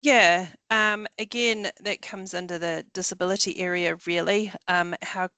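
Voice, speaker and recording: An employment lawyer answers webinar questions over a video call. The speech is measured, with many ums and restarts. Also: mid-range voice, steady tone, sharp tone, no room sound.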